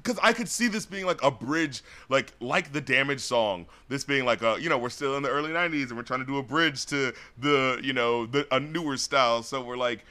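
A man co-hosting a podcast, chatting casually through an album review, rambling and animated, full of "like" and "you know". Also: mid-range voice, fairly quick, hardly any pauses. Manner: acts out lyrics and studio scenes in loud put-on voices.

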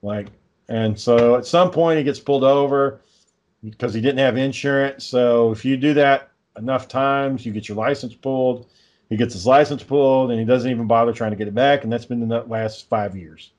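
A man's voice: mid-range voice, normal speed. A man hosting a podcast, telling a long story in casual chat, swearing often and sounding exasperated. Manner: profane, exasperated, lively storyteller. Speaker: podcast host.

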